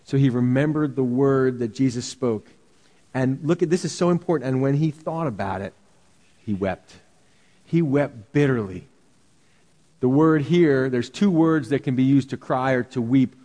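A man's voice: mid-range voice, moderate pace, dark tone, long reverb tail. A man preaching a sermon as pastor, earnest and full of rhetorical questions.

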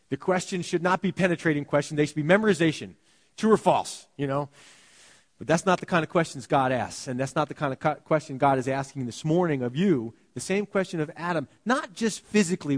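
A male pastor giving a sermon, talking casually and animatedly, often dropping to a hushed voice. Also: high-pitched, normal speed, in a large hall. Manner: animated, conversational preaching with sudden quiet drops. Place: church sanctuary.

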